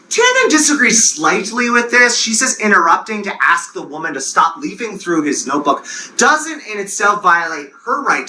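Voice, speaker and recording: Male lecturer, Long Island accent, bouncy intonation, sharp bright tone, chatty tangents. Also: sits high, slight background noise, poor audio. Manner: animated, digressive, jokey asides. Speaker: university lecturer. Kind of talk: classroom lecture.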